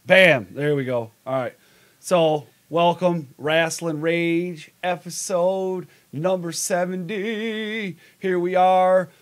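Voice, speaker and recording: A man's voice: sits high, fairly even intonation, slow pace, darkish tone. A man hosting a live show in casual chat, upbeat and talkative as he greets viewers. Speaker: host.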